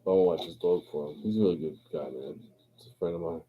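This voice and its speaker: A man's voice: deep voice, steady tone, fast, slight background noise. A man hosting a live open chat, talking in a laid-back, slangy, rambling way with playful chanting. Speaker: livestream host. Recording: phone-like lo-fi stream audio.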